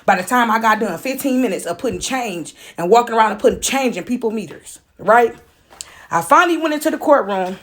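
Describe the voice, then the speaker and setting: Brief: woman, high voice, animated casual storyteller talking straight to camera. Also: fairly quick. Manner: animated, emotional, talks straight to viewers. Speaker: vlogger telling a personal story.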